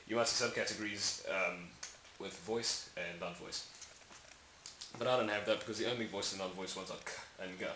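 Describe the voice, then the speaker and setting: A man's voice: low voice, steady tone, a little fast, bright, forceful tone. Rambling man explaining sounds, echoey room. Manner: rambling, self-correcting, demonstrating sounds aloud. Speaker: language tutorial maker. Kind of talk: casual explainer lesson. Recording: echoey room with faint hiss.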